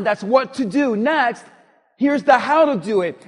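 A man preaching a sermon to a church congregation, with an emphatic, repetitive cadence that swells toward near-shouts. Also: very high voice, lively intonation, measured pace. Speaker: pastor. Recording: long hall reverb.

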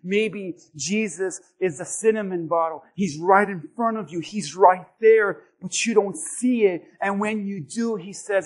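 A man preaching a sermon as pastor, telling stories animatedly and swinging between loud bursts and hushed lines. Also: sits high, measured pace, hardly any pauses.

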